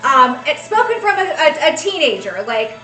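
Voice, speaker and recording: Chatty high-voiced woman in an echoey room. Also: very animated, moderate pace, sharp tone, recorded from a distance, faint music behind. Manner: chatty, enthusiastic, rambling with fillers. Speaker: co-host. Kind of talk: casual chat.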